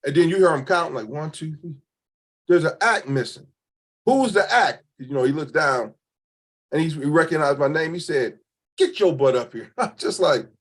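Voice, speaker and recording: A man from Cleveland, a spoken word poet, spins stories as an interview guest. He talks casually, with a husky, slightly high voice, and his pitch swings widely as he acts out the people he quotes. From Cleveland, Ohio. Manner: animated storyteller acting out quoted voices, colloquial.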